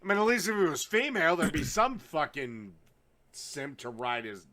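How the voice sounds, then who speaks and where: A man with a soft Southern US accent, ranting angrily and crudely in video commentary. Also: fairly high pitch, sing-song, moderate pace. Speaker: online commentator in played clips.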